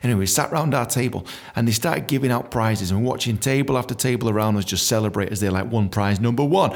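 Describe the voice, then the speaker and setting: A man's voice: mid-range voice, quick pace. A young adult man from England telling a story casually, swearing often and saying "man" a lot. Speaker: podcast storyteller.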